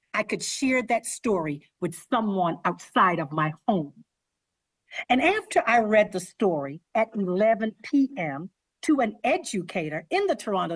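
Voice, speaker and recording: A woman author telling a story to students, speaking to them directly as an animated storyteller. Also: medium pitch, breathy edge, no echo, clean studio sound. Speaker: children's author visiting schools.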